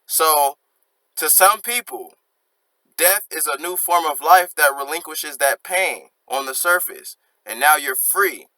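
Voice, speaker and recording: A man's voice: a little high, unhurried, bright, forceful tone, no room sound, poor audio. A young man casually breaking down rap lyrics, reflective and earnest, dropping slang and reciting lines as he goes. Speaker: music reaction host.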